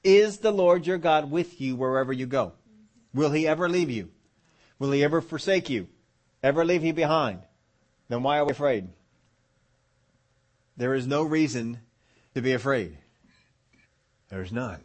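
A male pastor delivers a sermon in a mid-range voice. He reads scripture aloud and slows down on key words for emphasis. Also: medium pitch, animated.

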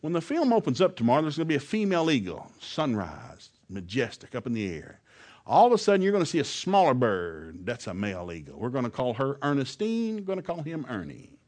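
A man who preaches by telling stories and acting out the quoted lines loudly. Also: mid-range voice, fairly quick. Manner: animated, acts out quotes loudly. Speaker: preacher and former school teacher. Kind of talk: storytelling sermon.

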